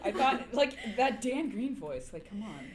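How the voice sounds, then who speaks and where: A woman co-hosting a live comedy podcast in a venue with an audience. Her high voice leaps all over the place as she teases and laughs with profane glee. Crowd chatter fills the room behind her. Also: very animated, measured pace. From New Hampshire. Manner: loud, laughing, profane teasing. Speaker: podcast co-host.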